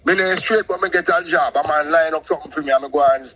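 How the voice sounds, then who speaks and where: Animated Jamaican man in patois. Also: fairly high pitch, quick pace, highs cut off. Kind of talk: casual storytelling on a call-in show.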